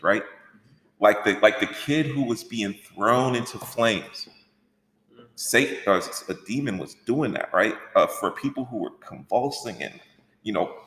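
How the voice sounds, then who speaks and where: A man teaching a church workshop in an animated, conversational way, asking rhetorical questions. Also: medium pitch. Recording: echoey hall with long reverb.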